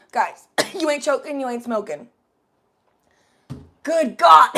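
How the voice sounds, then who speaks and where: A young woman from the United States, hosting a casual livestream and chatting loosely and playfully with viewers, with lots of fillers. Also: fairly high pitch. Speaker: livestream host. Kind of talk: casual livestream chat, reading viewer comments aloud.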